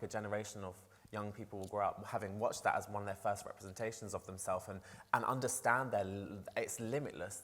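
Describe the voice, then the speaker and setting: A trans presenter speaking on a festival panel, talking casually and passionately with many "like"s and restarts. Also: low voice. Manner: casual, run-on speech full of "like" and restarts; passionate and emotional. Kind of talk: panel discussion. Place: festival panel on a stage in a large hall. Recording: long hall reverb.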